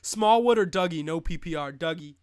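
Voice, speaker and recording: High-voiced young guy rambling on a live football stream, joking and laughing a lot. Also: lively intonation, a little fast, clear, resonant tone. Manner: rambling, joking, sings snippets, laughs often. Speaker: host. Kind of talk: casual live-stream chat.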